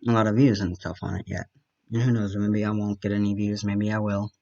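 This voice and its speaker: A man's voice: lowish voice, level tone, a little fast, creaky, darkish tone, dull audio. Rambling young man, Wisconsin accent. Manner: chatty, self-deprecating, talks to himself. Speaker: podcast host. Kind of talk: solo rambling monologue.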